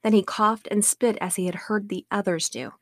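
A woman co-hosting a podcast, calmly reading a true-crime book excerpt aloud on a close studio mic. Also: medium pitch, moderate pace, no echo. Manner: calm, even narration. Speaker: podcast co-host.

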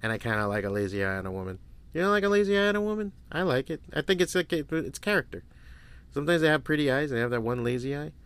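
A man's voice: mid-range voice, expressive, fast talker, a bit bright, smooth. Crude rambling man in his forties. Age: 40s. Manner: crude, rambling storyteller, swears freely. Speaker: podcast host. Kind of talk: casual solo podcast monologue.

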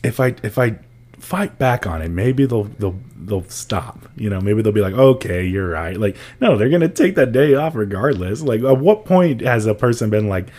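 Mellow low-voiced man reading out topics. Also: expressive, moderate pace. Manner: laid-back, laughs often, adds wry asides. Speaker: podcast co-host. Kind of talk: casual chat and reading news topics aloud.

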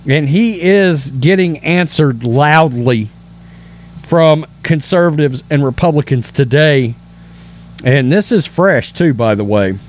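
A man's voice: on the high side, lively intonation, takes it slowly. A man hosting a political commentary show, reading news aloud and reacting with emphatic indignation and stammered restarts.

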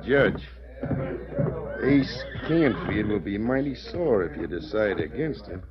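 A man's voice: lowish voice, lively intonation, slow, very noisy. A folksy, blustering henchman. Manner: folksy drawl. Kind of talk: 1940s radio acting. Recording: dull lo-fi old radio recording.

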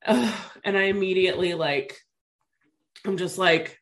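At a measured pace and a pitch on the low side, a woman in her thirties recounts a personal story to a co-host. She's animated and chatty, with "like" popping up constantly.

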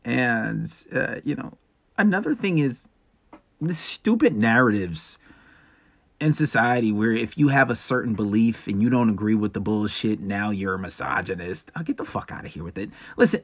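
A man's voice: mid-range voice, lively intonation, moderate pace. A man hosting a solo podcast, talking bluntly and with profanity as he lectures his listeners. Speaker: podcast host. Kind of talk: casual solo podcast monologue.

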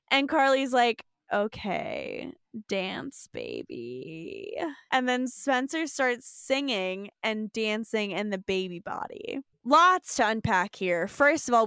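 A woman's voice: high voice, a bit bright, smooth, dry recording, clean studio sound. A young woman co-hosting a casual podcast, recapping an episode, laughing often and swearing freely. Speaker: podcast co-host.

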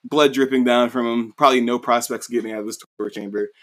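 A man's voice: mid-range voice, fairly even intonation, quick pace, fairly bright tone. Rambling male podcast co-host. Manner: rambling, heavy use of "you know" and "like". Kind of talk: casual recap of a story.

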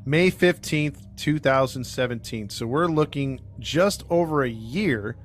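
A man of middle pitch tells a true crime story in a loose, chatty podcast way. He rambles with fillers and restarts, acting out people's quotes. Faint music plays under him. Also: expressive, measured pace. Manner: acts out quotes in his retelling. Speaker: podcast host narrating the case.

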